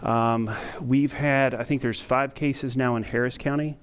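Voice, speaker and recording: A middle-aged man giving a training lecture to emergency medical staff, talking in a self-described monotone and pausing often with fillers. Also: medium pitch, clear, resonant tone. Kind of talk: conference lecture to EMS staff. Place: lecture room with an audience.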